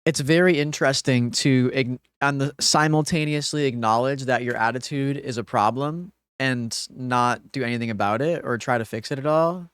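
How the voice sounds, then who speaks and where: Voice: medium pitch, moderate pace, hardly any pauses, fairly bright tone, clean tone, dry recording. A game streamer on a livestream, talking back to chat in an exasperated, profane rant.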